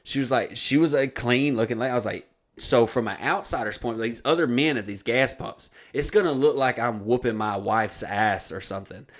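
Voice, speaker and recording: A man's voice: medium pitch, a little fast. A man, hosting a podcast and telling a crude, rambling story in casual chat. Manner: profane, rambling anecdote-telling. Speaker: podcast host.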